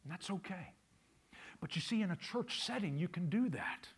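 A man's voice: high-pitched, animated, moderate pace, husky. A male pastor preaching a sermon, emphatic, repeating key phrases and asking the congregation questions.

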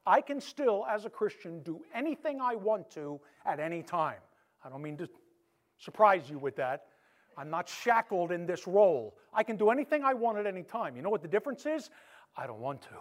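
Male pastor, high-pitched, animated conversational sermon delivery, loud-to-soft dynamics. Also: brisk. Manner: animated preaching, swinging between loud emphasis and soft hush.

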